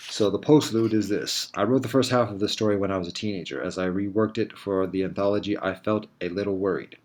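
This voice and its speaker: A man reads his own first-person fiction aloud in a very deep voice. He takes it slowly and reflectively, with soft pauses between phrases. It sounds like an author sharing his work. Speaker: author reading his story. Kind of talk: literary first-person reading.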